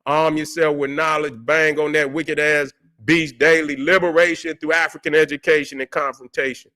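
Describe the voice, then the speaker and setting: A man hosting his own channel, ranting loudly and profanely, repeating himself and calling out to viewers. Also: on the high side, little pitch movement, moderate pace. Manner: loud, fiery and repetitive, swearing constantly; calls out to viewers, drawling and mocking at times. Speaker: channel host. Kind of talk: profane livestream rant.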